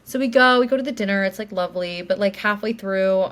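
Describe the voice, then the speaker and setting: A woman's voice: mid-range voice, fast talker, a bit bright. A woman in her late twenties, co-hosting a podcast and telling a story in a rambling, chatty way full of likes and ums. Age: late 20s. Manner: chatty, self-described yapper, lots of likes and ums. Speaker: podcast co-host. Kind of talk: casual chat, storytelling.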